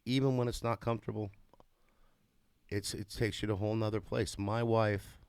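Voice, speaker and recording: A man in his forties giving a candid, emotional testimony about his marriage and family, swearing freely and swinging into excited bursts. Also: lowish voice, normal speed, clean tone, no echo. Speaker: father sharing his story.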